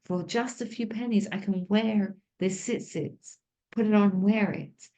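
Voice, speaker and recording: Woman narrator voicing an old dying rabbi: earnest, tearful, a touch lower. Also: steady tone, a little slow, dark tone.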